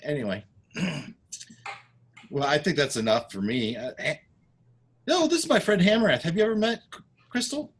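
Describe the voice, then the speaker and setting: A man's voice: a little high, expressive, moderate pace, pauses often, husky, voice pushed up. A man voicing a friendly adventurer who coaxes people with chummy small talk.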